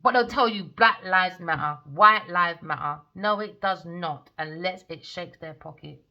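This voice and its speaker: A woman's voice: fairly low pitch, measured pace, highs cut off. A woman, a tarot reader ranting in a blunt, heated, sweary monologue.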